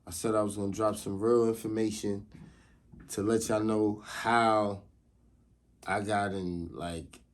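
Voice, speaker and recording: A man's voice: fairly low pitch, flat delivery, unhurried. A man of about forty hosting his own show, telling a loose, rambling personal story and often asking whether the listener knows what he means. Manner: rambling, loose, constantly says "you know what I mean". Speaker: host. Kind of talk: casual storytelling monologue.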